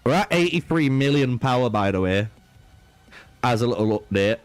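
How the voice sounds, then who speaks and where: Young dude streaming a game, swears a ton, jumps way up and down in pitch, dry close sound, bit of game music behind. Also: male voice, lively intonation, moderate pace, smooth, dry recording. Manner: profane, trolling banter with chat, swinging between raging and laughing. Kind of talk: live gaming stream commentary.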